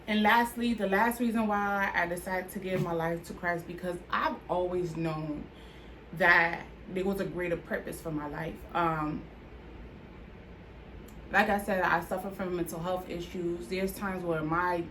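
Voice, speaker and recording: A woman vlogger shares her faith story as a personal testimony, candid, conversational and heartfelt, with frequent "like" fillers. Her voice is fairly low and fairly even, a little slow and a bit bright, with slight hiss or hum.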